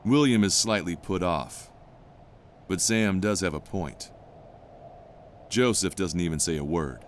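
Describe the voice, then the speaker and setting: A man narrating an audio drama in a measured, descriptive way. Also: low-pitched, slight background noise.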